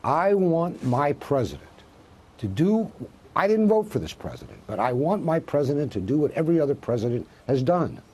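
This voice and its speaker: A husky-voiced male professor speaks as a news interview guest. His pitch swings widely as he presses his case, posing one rhetorical question after another with emphatic weight. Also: sing-song, moderate pace, dark tone.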